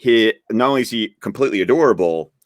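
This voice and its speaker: A man who works as a teacher, co-hosting a casual stream chat on a webcam and telling stories eagerly in quick bursts. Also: lowish voice, animated, dry recording, studio quality. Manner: eager storyteller, bursts of fast talk. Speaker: teacher and co-host. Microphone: webcam video call.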